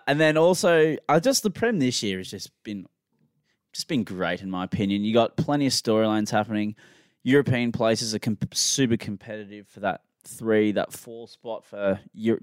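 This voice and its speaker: A man's voice: on the low side, clean tone, dry recording, studio quality. A man, hosting a casual podcast chat and rambling enthusiastically about sport. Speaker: podcast host.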